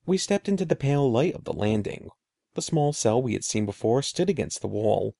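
A male narrator reads a spooky children's story with expressive, suspenseful delivery. His voice is mellow with a gravelly texture, and his pitch moves freely across phrases. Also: brisk, no echo, studio quality. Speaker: audiobook narrator.

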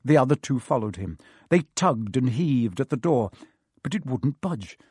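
A man reading a storybook aloud in an expressive, varied narration. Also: mid-range voice, normal speed, husky, dry recording, studio quality. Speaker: audiobook narrator.

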